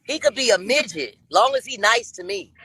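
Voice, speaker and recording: A woman's voice: fairly high pitch, expressive, normal speed, pushed and bright, slightly rough, no echo, low-quality recording. Brash self-assured woman in her fifties. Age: 50s. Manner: brash, drawling, self-assured, repeats herself. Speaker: guest on a dating talk show. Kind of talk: boastful interview answers.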